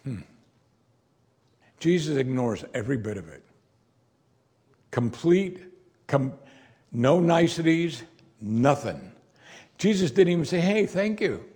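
Man, preacher, sermon, lively swooping pitch, conversational, acts out quotes. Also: slow, long pauses. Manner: animated, conversational, playfully acts out quoted lines. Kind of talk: expository sermon.

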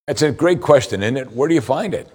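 A man preaching a sermon, reading scripture slowly and pressing his points with rising emphasis. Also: animated, darkish tone, breathy edge. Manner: earnest, rises in pitch for emphasis, slows for scripture reading.

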